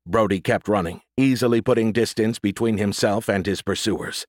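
A man's voice: on the low side, normal speed, hardly any pauses, dry recording. Man narrating an audiobook, dry and close.

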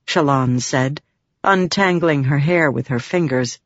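A woman narrating a fantasy audiobook in a calm, even storytelling voice. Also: a bass voice, measured pace, dry recording. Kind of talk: scripted narration. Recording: dull lo-fi audiobook.

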